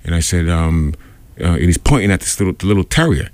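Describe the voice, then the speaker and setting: A man's voice: low voice, lively intonation, fast talker, darkish tone, no echo. A man hosting a radio show, telling a rambling anecdote full of fillers and acting out the voices of the people in it. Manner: rambling, filler-heavy, acts out quoted voices. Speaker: radio host. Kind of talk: casual storytelling on radio.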